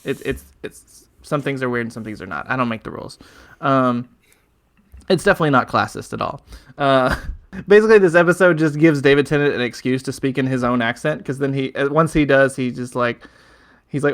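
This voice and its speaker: Casting: hombre, co-host de podcast, voz limpia y resonante, charla relajada con muletillas. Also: male voice, medium pitch, a little fast, fairly bright tone. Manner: rambling, filler-heavy, chuckling recaps. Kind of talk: casual podcast chat.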